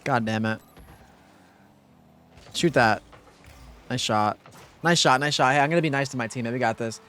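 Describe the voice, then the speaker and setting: A man's voice: medium pitch, moderate pace, pauses often, clean tone. A young man streaming a game live, talking casually to his chat and teammate, muttering and then bursting into frustrated outbursts. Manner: swings between muttered calm and frustrated outbursts. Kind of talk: live gameplay streaming commentary.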